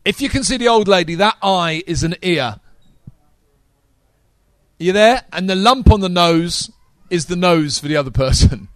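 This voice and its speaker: A man preaching a sermon to a live congregation, energetic and talking straight to the audience. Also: high voice, moderate pace, dry recording.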